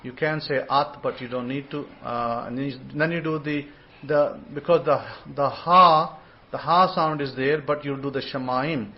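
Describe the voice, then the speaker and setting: A man hosting an informal online scripture lesson, rambling and repeating words, sometimes sounding out syllables slowly. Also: mid-range voice, fairly even intonation, dull audio, slight background noise. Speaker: host and religious teacher.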